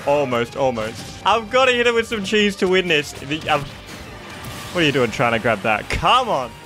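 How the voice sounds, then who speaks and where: A young man giving excitable live gameplay commentary, laughing often and shouting at big moments. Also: a little high. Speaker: gaming YouTuber.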